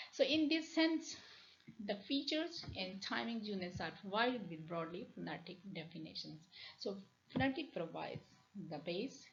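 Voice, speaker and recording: A woman with a Pakistani English accent delivers a recorded university lecture in a low-pitched voice. She talks deliberately, repeating and rephrasing her points with plenty of fillers. The recording sounds dull and lo-fi.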